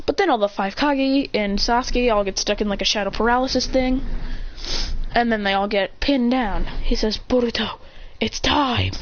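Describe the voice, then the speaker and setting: Rambling excited storyteller, lo-fi. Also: medium pitch, moderate pace. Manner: rambling, with shouted sound effects and voiced lines. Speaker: fan storyteller. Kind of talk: excited fan-fiction retelling. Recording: dull lo-fi mic with faint hiss.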